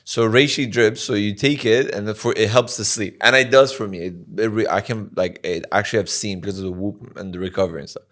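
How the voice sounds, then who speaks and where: A man's voice: fairly low pitch, fairly even intonation, fairly quick, hardly any pauses, a bit bright. A man co-hosting a podcast in casual chat, often laughing and swearing freely. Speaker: podcast co-host.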